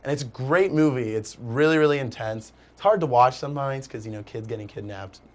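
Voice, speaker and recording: A young man telling a long story as a guest in a casual chat, animated and rambling, with "like" in nearly every phrase. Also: mid-range voice, a little fast, a little hiss or hum.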